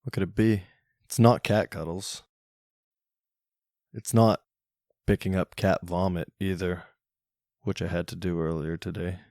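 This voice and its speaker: A man's voice: low-pitched, steady tone, a little slow, long pauses, a little mellow, no room sound, clean studio sound. A young man hosting a solo podcast, rambling casually with jokey, self-mocking, crude humor. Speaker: podcast host.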